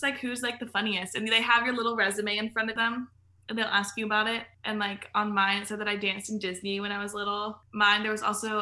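A woman's voice: medium pitch, bright, forceful tone. A woman guest on a podcast, telling stories in casual chat, full of "like" fillers and laughing as she goes. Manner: chatty, filler-heavy storytelling with frequent laughs.

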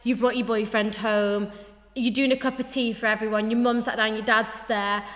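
A woman's voice: a little high, fairly even intonation, normal speed, fairly bright tone, long reverb tail. A young woman co-hosting a podcast, chatting casually and playfully, slipping into mock voices. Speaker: podcast co-host. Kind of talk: casual chat.

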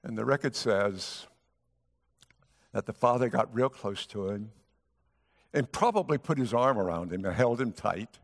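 A man's voice: lowish voice, lively intonation, measured pace, pauses often. A male guest pastor preaching a sermon, telling a story and voicing the characters' lines. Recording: long hall reverb.

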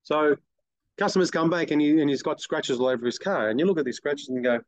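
A middle-aged man, a guest telling blunt, lively stories in an interview and acting out other people's lines. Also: on the high side, fast talker, no echo, lo-fi sound. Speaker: guest, car detailing business owner. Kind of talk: casual interview storytelling.

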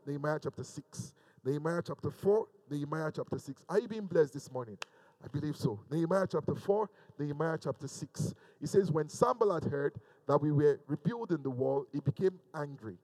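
A man's voice: on the high side, a little mellow, poor audio. A male pastor preaching a sermon, building emphatic repeated lines and joking with his congregation. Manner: preaching with rising, emphatic repetition; jokes with the congregation.

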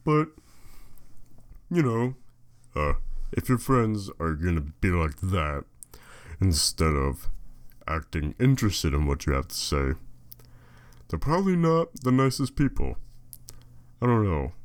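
Slow, deep-voiced man rambling dryly. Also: sing-song. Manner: meandering, dry joking, many fillers and restarts. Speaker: solo talker reading a fruit entry aloud. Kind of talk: casual rambling monologue.

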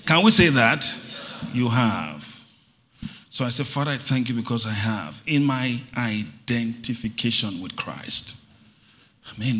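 In a reverberant church hall, a middle-aged pastor delivers a lively sermon built on call-and-response and acted-out anecdotes. He speaks at a measured pace in a mid-range voice.

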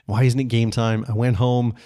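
A man from Canada telling a personal story on his podcast in a relaxed, conversational way, chuckling often and swearing casually. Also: mid-range voice, moderate pace. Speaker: podcast host.

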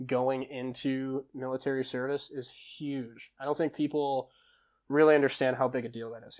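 A young man, a podcast guest, telling stories in a relaxed, chatty way, often trailing off and restarting his sentences. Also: mid-range voice. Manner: lively storyteller who laughs and acts out quoted lines; casual, with frequent fillers and self-corrections. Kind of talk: conversational storytelling.

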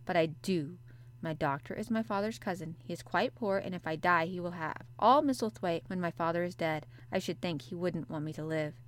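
Colin: woman voicing a spoiled sickly boy. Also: natural voice. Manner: demanding, raised pitch.

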